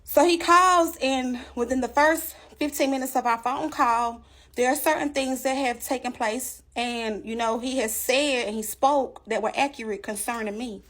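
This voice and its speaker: Woman storyteller, fairly high voice, emphatic and animated, addresses the audience directly. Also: normal speed. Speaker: storyteller giving a testimony. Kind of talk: casual storytelling to viewers.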